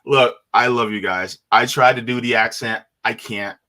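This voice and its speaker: A man's voice: mid-range voice, fairly even intonation, moderate pace, sharp tone. A man co-hosting a live stream, greeting viewers and reading chat messages aloud with frequent laughs.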